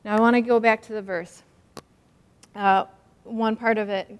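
A woman's voice: on the high side, level tone, a little slow, pauses often, clean tone, big-room sound. A woman preaching a sermon, earnest and emphatic, acting out a story as she teaches. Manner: earnest and emphatic, acts out stories.

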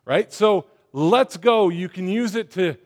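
This church speaker's voice sits high, and he talks slowly. His sermon is casual and conversational, full of fillers, and he encourages the congregation to shout back at him.

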